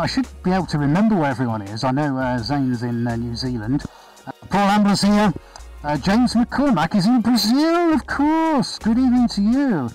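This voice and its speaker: Man, live stream host, art studio, casual upbeat chat, fairly high voice, faint music behind. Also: a little mellow, rough recording. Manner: chatty, upbeat, greets viewers by name. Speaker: artist hosting a live painting stream. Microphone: body-worn chest camera.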